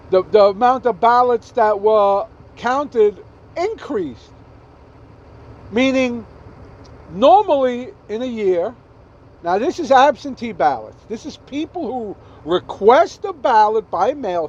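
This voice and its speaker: A man's voice: extremely high pitch, highs cut off. A man giving an emphatic, repetitive political rant as a vlogger, swearing now and then and stumbling over his numbers.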